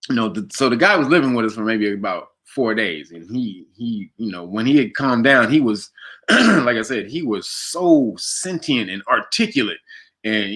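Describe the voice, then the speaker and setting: A man with a bright, clear-edged voice tells a story in a relaxed interview. He gets animated and laughs, slipping into quoted voices along the way. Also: medium pitch. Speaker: guest.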